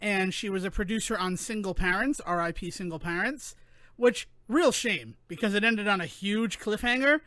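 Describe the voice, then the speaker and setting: A man co-hosting a podcast, chatting casually in an animated, rambling way that keeps interrupting itself. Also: high-pitched, moderate pace, dry recording. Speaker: podcast co-host. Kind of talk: casual chat.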